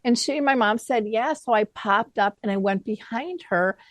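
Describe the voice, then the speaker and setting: A middle-aged woman hosting a talk show, telling an anecdote in a lively, conversational way. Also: fairly high pitch, moderate pace, dry recording. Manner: lively anecdotal, acts out quoted dialogue. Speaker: podcast host. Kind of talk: conversational storytelling.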